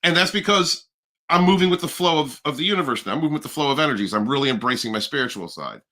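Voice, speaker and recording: A man hosting a casual livestream chat, animated and profane, rambling with restarts. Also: on the high side, very fast. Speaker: livestream host.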